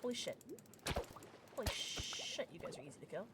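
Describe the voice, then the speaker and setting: A woman's voice: low voice, very animated, normal speed, very noisy. A young woman streaming a video game, chatting casually and breaking into squealing baby talk with her pets. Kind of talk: casual gameplay livestream chat.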